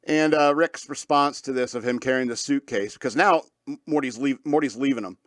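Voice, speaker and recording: A man's voice: mid-range voice, normal speed, no echo, studio quality. A man hosting a talk radio show, rambling in a casual monologue with lots of fillers and frequent laughs.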